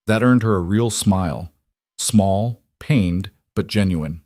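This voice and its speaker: A man narrating a romance fantasy audiobook in a steady, measured way. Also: on the low side, no echo, studio quality.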